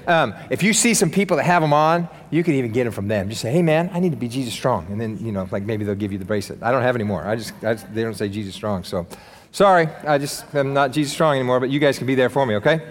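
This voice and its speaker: A man's voice: mid-range voice, fast talker. Enthusiastic pastor man in an echoing hall. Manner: enthusiastic, casual and joking. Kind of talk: sermon. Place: church sanctuary. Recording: long reverb of a large hall.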